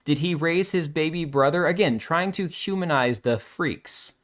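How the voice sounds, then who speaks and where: A man's voice: a little high, expressive, moderate pace. Blunt, sarcastic man hosting a livestream. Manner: blunt, sarcastic, reads viewer comments aloud. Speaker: livestream host. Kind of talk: casual live commentary.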